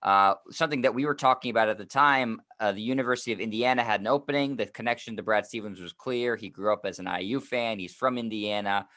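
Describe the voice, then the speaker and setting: A man's voice: on the low side, fast talker, hardly any pauses, pushed and bright. A man co-hosting a sports podcast, chatting casually with wry jokes and asides. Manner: joking, wry, talks in asides. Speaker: podcast co-host.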